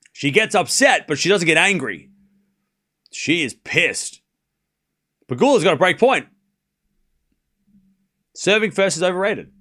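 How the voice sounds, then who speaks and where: A man hosting a live tennis watchalong stream, calling points play by play with casual joking asides and shouting on big moments. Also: on the high side. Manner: excitable, shouts on big points, chatty and joking between rallies.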